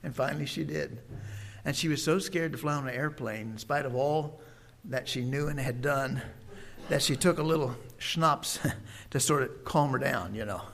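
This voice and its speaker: An older man, a preacher, telling a personal story in a folksy, unhurried way with many pauses and fillers. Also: medium pitch, gravelly, fairly bright tone.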